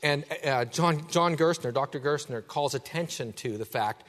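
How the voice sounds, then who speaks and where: Male pastor, slightly high voice, dynamic sermon delivery, hall reverb. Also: normal speed. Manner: dynamic preaching, swinging from hushed to loud.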